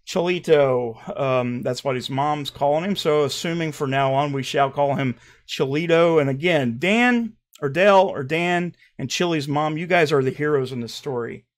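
A man hosting his own commentary channel, heated and mocking, swinging between loud outbursts and quiet asides. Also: fairly high pitch, normal speed. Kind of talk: ranting commentary.

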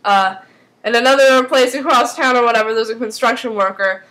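A woman casually recapping a TV episode, rambling and excitable, filling her talk with "like". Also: a little high, fairly quick, low-quality recording. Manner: rambling and excitable, heavy use of "like".

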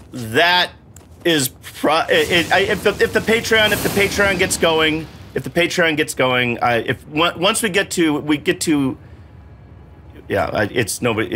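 A middle-aged man giving excitable gameplay commentary, exclamatory and self-mocking, swearing freely. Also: on the high side, slight background noise. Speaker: gaming channel host playing while his son coaches.

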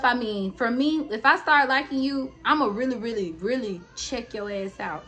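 A woman's voice: on the high side, fairly bright tone. A woman vlogger telling a story casually and bluntly, with plenty of swearing, and talking straight to her viewers. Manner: blunt, profane, talks straight to her audience.

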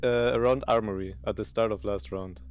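A low-pitched man speaks in casual game voice chat. He defends himself by walking through his actions one step at a time. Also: fairly even intonation, a little fast, smooth. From Germany. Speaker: game player.

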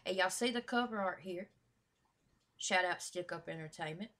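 A woman hosting a reaction vlog, talking in casual slang, full of shout-outs and swearing, hyped up for the track. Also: lowish voice, moderate pace. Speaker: YouTube reaction host.

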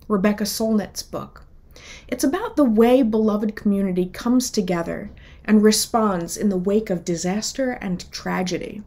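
Woman minister leading sunday service, slow and calm, even pitch. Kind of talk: sermon.

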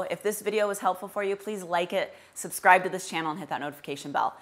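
A woman's voice: fairly low pitch, fast, hardly any pauses, soft background music. A woman dog trainer explains her method in a direct, emphatic teaching manner and uses everyday comparisons. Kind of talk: instructional explanation.

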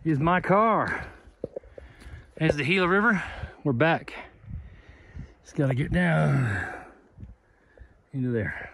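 A man's voice: on the high side, animated, slow pace, pauses often, a bit bright, a little hiss or hum. Chatty man rambling on a trail. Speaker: hiking vlogger. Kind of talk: casual vlog narration. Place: outdoors on a mountain trail. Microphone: handheld camera.

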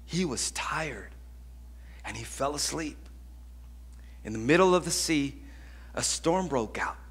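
A man preaching a sermon as pastor, telling stories in an animated, conversational way with acted-out voices. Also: mid-range voice, slow pace, slightly rough. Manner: conversational, with frequent restarts.

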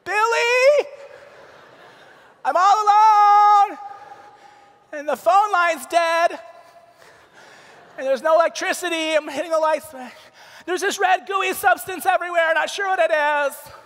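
A man voicing a frightened young woman alone in a horror movie, in a shrill falsetto. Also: unhurried, long pauses, a bit bright, exaggerated voice. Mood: panicked. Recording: long reverb of a large hall.

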